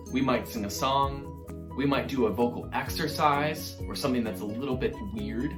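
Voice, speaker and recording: A man's voice: mid-range voice, reverberant. A man teaching an online music lesson to young children in an upbeat, encouraging way, speaking directly to his class.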